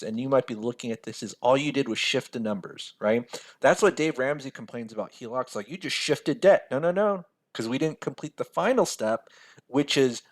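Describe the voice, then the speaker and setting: Casual man explaining finances, keeps saying right. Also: medium pitch. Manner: casual, keeps asking "right?", laughs at himself. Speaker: financial mentor. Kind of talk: screen-share finance lesson.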